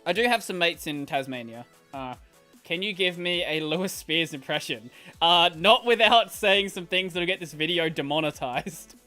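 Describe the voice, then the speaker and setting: Answering viewer questions on his live stream, an Australian man with a slightly nasal voice chats casually, rambling and restarting with many fillers. His voice is on the high side, expressive and sharp in tone, at normal speed, with faint music behind him.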